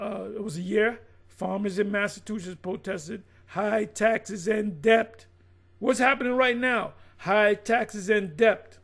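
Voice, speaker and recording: A man's voice: sits high, creaky, a bit bright. A middle-aged man preaching and riffing off what he reads aloud, blunt and profane, calling people out as he goes. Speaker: religious teacher.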